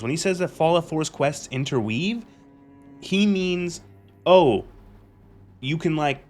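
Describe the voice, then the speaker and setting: A man streaming a game, ranting casually with lots of swearing and rambling restarts. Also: a little high. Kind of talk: casual live gameplay commentary.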